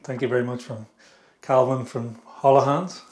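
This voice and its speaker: A man hosts a relaxed chat with a guest. His voice sits at a medium pitch and sounds appreciative. The recording has noticeable room echo. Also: normal speed. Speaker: show host. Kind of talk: casual interview chat. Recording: echoey room.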